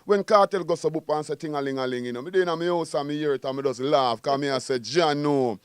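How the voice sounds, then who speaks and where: A man with a Jamaican accent, a musician being interviewed, talking in a boastful, animated, repetitive way. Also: a little high, fast, clean tone, no echo, clean studio sound. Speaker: guest musician. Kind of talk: casual interview.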